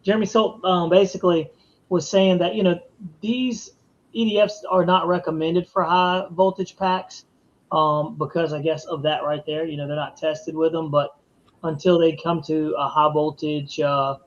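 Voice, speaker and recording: Male podcast host, high voice, casual and laid-back, dull lo-fi stream sound. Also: steady tone. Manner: laid-back, drawn-out "dude" and "man", reads viewer comments aloud. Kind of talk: casual live-stream chat.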